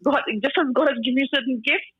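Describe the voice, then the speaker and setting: A woman's voice: high voice, racing, fairly bright tone. Tearful impassioned woman. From Saint Lucia. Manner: impassioned, repetitive declarations. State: tearful, crying. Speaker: interview guest. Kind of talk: emotional live-stream interview. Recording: muffled lo-fi audio.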